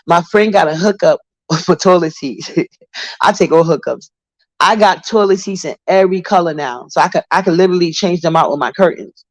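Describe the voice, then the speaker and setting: A woman's voice: fairly low pitch, dry recording. A woman from Brooklyn, hosting a casual livestream. She tells gossip bluntly, swears, and greets viewers by name from her apartment. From Brooklyn, New York. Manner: blunt, profane, gossipy storytelling. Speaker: livestream host. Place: home apartment.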